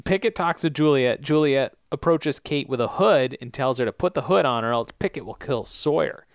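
A man's voice: medium pitch, expressive, normal speed, dry recording, studio quality. A man co-hosting a podcast in casual chat, recapping TV episodes in a laid-back, joking way. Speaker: podcast co-host.

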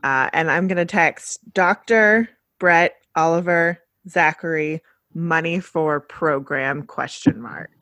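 A woman's voice: deep voice, takes it slowly, fairly bright tone, no room sound. A woman playing a tabletop role-playing game, casually describing her character's actions. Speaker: player.

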